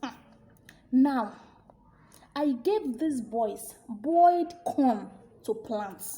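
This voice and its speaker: A stern, wise king from a folk tale, as a woman storyteller puts him on. He speaks formally and with command, addressing his people. The tone is mellow and fairly high. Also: animated, very slow, full character voice. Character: stern wise male king of a village kingdom.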